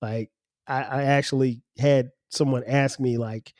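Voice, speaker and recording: A man's voice: medium pitch, fairly even intonation, measured pace, darkish tone, dry recording, clean studio sound. A man hosting his own podcast, talking casually and loosely, restarting his words as he goes. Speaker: podcast host. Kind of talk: casual solo podcast talk.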